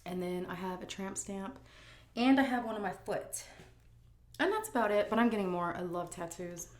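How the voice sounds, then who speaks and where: A woman's voice: medium pitch, animated, normal speed. Casual woman vlogger, roomy sound. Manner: chatty, frank, reads questions aloud. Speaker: vlogger answering viewer questions. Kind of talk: casual chat while eating.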